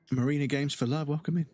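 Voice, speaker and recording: A man's voice: a little high, darkish tone, a little hiss or hum. A British man streaming a horror game from home into a desk microphone, chatting with viewers and swearing freely. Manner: chatty, swears freely, reads chat aloud. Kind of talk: casual live gaming stream. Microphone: desk microphone on a stand.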